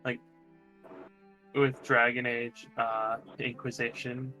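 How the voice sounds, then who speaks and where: A man's voice: medium pitch, little pitch movement, takes it slowly, sharp tone, faint music behind, low-quality recording. A man playing in an online tabletop game, chatting and joking casually. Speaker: player.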